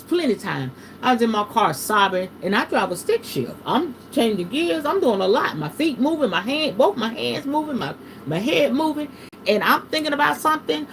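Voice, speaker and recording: A woman, hosting a live tarot reading in casual spiritual chat, animated and preachy with some cursing. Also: a little high, slight background noise. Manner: animated and preachy, swinging between hushed and loud; salty, uses curse words. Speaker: tarot reader hosting a livestream.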